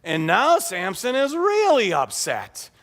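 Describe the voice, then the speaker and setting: A man's voice: high voice, huge pitch swings, slow, a bit bright. A man preaching a sermon as pastor, retelling a story in a humorous, conversational way. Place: church sanctuary. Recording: echoey church hall.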